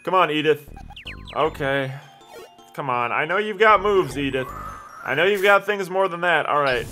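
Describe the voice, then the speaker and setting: Brief: excitable male let's play host with a bright, slightly high voice. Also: moderate pace, faint music behind. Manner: excitable, yells at his teammate and the game.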